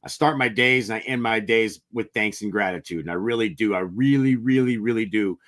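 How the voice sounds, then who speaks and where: A man's voice: on the low side, fairly quick, a bit bright. A man co-hosting a podcast, talking earnestly and repeating himself for emphasis. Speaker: podcast co-host. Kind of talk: casual reflective chat.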